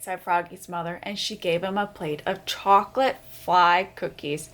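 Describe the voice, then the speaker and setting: A woman hosting a children's storytime, reading a picture book aloud with expressive sound effects. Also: fairly low pitch, normal speed, hardly any pauses. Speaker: storyteller host.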